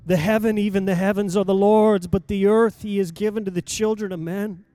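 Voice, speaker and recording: A man, a pastor, preaching a sermon in a church and rising to loud exhortation as he reads scripture. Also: high voice, steady tone, a little fast, no room sound. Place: church sanctuary.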